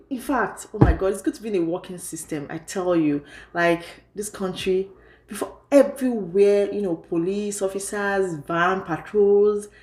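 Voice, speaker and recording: A woman in her thirties telling a personal story on her vlog in a lively way, often saying "you know". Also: medium pitch. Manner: lively retelling, heavy use of "you know". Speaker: vlogger. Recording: echoey room.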